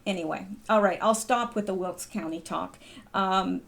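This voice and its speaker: A woman's voice: medium pitch, moderate pace, vocal fry, a bit bright. A middle-aged woman from the United States hosting her own channel, reading posts aloud and chatting in a rambling way with lots of ums. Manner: chatty, rambling, wanders off topic with filler ums. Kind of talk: casual commentary vlog.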